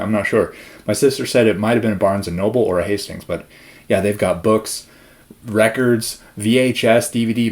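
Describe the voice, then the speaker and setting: A man's voice: on the low side, darkish tone. A young man from the Spokane area, chatting in a rambling vlog, slightly out of breath and prone to tangents. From Spokane area, US Pacific Northwest. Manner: rambling, self-interrupting, chatty. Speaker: vlogger.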